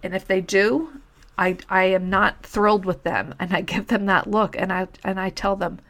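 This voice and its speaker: Woman teacher-podcaster, blunt and conversational, a bit of vocal fry, mid pitch. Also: normal speed, fairly bright tone. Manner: frank, matter-of-fact, conversational with asides. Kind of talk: solo podcast advice talk.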